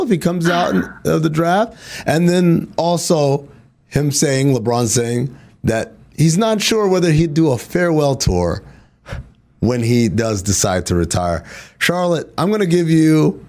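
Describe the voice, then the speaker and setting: A man's voice: on the high side, animated, measured pace, darkish tone. A man hosting a sports talk show, laying out playful bets and teasing his co-host. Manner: playful, teasing, laughs often. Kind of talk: casual sports talk banter.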